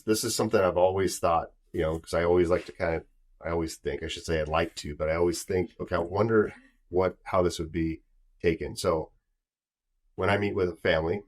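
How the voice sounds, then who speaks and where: A man with a very low voice hosts a relaxed podcast chat. He talks earnestly and circles back on himself as he explains his thinking. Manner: earnest, restarts and hedges, explains slowly. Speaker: podcast host. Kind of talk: casual podcast conversation.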